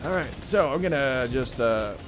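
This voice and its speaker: A man hosting a gaming channel, giving excitable let's play commentary full of yelps and laughter. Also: mid-range voice, normal speed.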